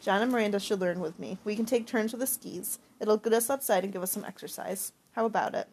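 A woman reading aloud and voicing a calm, practical older brother in his early twenties. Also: medium pitch, fast, slightly rough. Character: steady young-adult older brother, practical.

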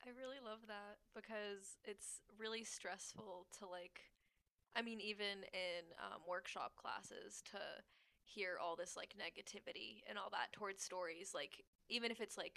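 A woman's voice: mid-range voice, moderate pace, creaky, bright, forceful tone. A woman in her twenties hosting a casual podcast, rambling supportively and searching for her words. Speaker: podcast host.

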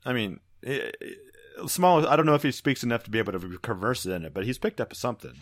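Man tossing in wry, quick asides. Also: medium pitch, very animated. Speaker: podcast guest. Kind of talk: casual movie commentary chat.

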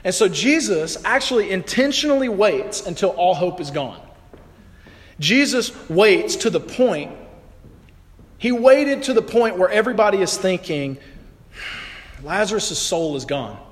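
A man's voice: sits high, animated, a little slow, in a large hall. A male pastor preaching a sermon in an earnest, emphatic, conversational way.

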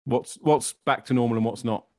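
A man hosting a podcast interview, introducing guests chattily with jokes and quick self-corrections. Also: mid-range voice, dark tone, no echo, studio quality. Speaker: podcast host.

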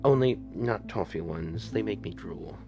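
A man voicing a small female dog in a theater, whispering softly in a storybook reading. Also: on the low side, unhurried, lo-fi sound, over music. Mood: hushed.

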